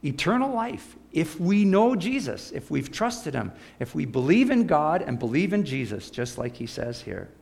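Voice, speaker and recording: A man preaching a sermon, animated, piling up words and dropping to a soft hush for emphasis. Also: a little high, normal speed, vocal fry, few pauses.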